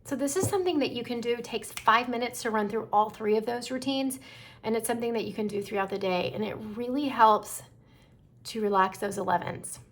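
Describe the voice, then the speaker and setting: Woman esthetician, skincare demo, gravelly, a bit raspy, calm step-by-step instruction. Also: fairly high pitch, fairly quick. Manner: calm instructive, checks in with "okay?". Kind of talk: skincare demonstration.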